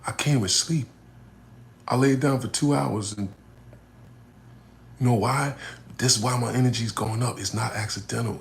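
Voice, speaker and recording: Slangy battle rapper in an echoey room. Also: male voice, mid-range voice, normal speed, creaky, pauses often, slight background noise. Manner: slangy, profane, rambling, swings between hyped and subdued. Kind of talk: casual live chat with fans.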